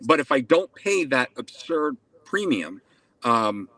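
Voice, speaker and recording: A man's voice: mid-range voice, big pitch swings, slow, a crowd in the background. A man talking politics emphatically, repeating words and mocking his opponents. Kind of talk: political talk show chat.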